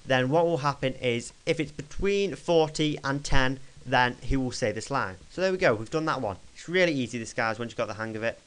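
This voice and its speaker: A young man talking through a casual screen-recorded software tutorial at his computer desk, chatty and rambling, correcting himself as he clicks along. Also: mid-range voice, a little fast, few pauses, smooth, low-quality recording. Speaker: tutorial maker.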